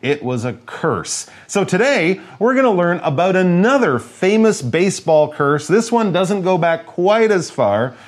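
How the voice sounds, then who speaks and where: A man's voice: sits high, big pitch swings, a little slow, few pauses. A man co-hosting an English lesson show, explaining vocabulary in a playful, teacherly way.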